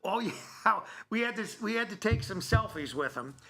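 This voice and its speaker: A man's voice: sits high, expressive, normal speed, creaky, a bit bright. A man co-hosting a casual chat, telling a rambling story full of restarts and "so anyway". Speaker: co-host, sports announcer.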